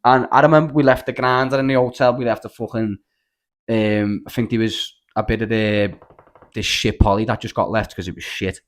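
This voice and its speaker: A young Scouse man with a slightly low voice holds forth on a casual podcast. He tells his stories in an animated way and swears freely. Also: a little fast. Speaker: podcast co-host. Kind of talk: casual storytelling chat.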